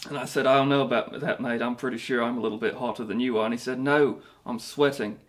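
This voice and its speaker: A man's voice: medium pitch, steady tone, fast talker, close to an everyday voice. A man playing a vain, self-pitying, washed-up male rock singer with a British accent, rambling through a mockumentary interview with many restarts. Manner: rambling, boastful, stumbling restarts.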